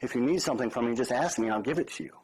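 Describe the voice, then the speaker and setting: A man voicing a calm elderly woman who speaks softly and steadily to a robber. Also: mid-range voice, racing, husky, pitched below the performer's own voice, lightly acted, low-quality recording.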